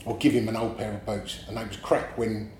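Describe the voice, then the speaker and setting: A man, a guest telling animated stories in casual chat, often laughing and swearing. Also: on the low side, a little fast. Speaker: guest artist. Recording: echoey room, faint background noise.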